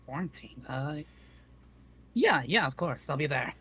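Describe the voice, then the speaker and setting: A player in a tabletop game, answering casually in character. The voice moves up and down a lot, loose and relaxed. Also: medium pitch, unhurried, breathy edge.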